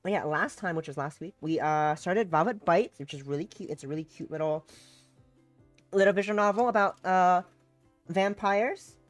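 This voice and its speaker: A woman's voice: fairly low pitch, moderate pace, dry recording, soft background music. A woman streamer with a sick voice, chatting casually and playfully with many fillers while playing a visual novel. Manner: rambling, playful, filler-heavy. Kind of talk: casual let's-play chat.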